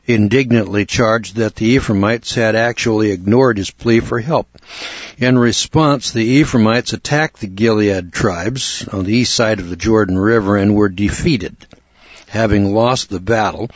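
A man from the United States teaching a Bible lesson in a measured, deliberate way, now and then clearing his throat. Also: on the low side, dry recording. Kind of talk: explanatory Bible lecture. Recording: dull, dry recording.

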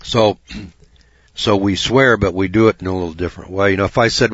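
A man's voice: sits low, a little fast, a bit bright, no room sound. A man giving a folksy, preaching talk, rambling, repeating "you know" and putting questions to his listeners. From United States. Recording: dull dry lo-fi recording.

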